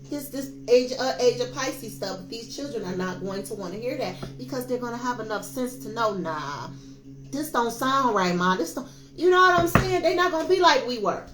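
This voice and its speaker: A woman in her fifties giving a casual, preachy tarot reading, talking straight to her viewers. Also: on the high side. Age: 50s. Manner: emphatic, preachy, addresses viewers as y'all. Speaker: tarot reader. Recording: echoey room with faint music.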